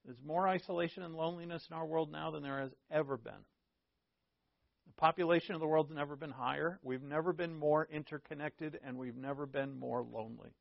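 A man teaches from scripture as a pastor, talking casually and joking with his congregation. His voice sits a little high, and the recording is dry and dull. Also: brisk, vocal fry, no room sound. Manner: conversational and joking, often asks "right?". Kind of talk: informal midweek Bible teaching.

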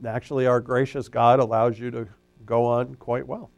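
A man preaching an expository sermon in a conversational, animated way, often restarting his sentences. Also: medium pitch, normal speed, creaky, no room sound. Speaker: pastor; former high school teacher.

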